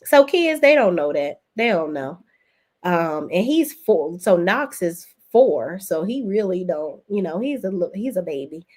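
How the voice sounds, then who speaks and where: A woman's voice: lowish voice, big pitch swings, measured pace, a little mellow. A woman, hosting a casual live stream where she reads viewer comments aloud and reacts with chatty gossip. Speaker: YouTube host reading live chat.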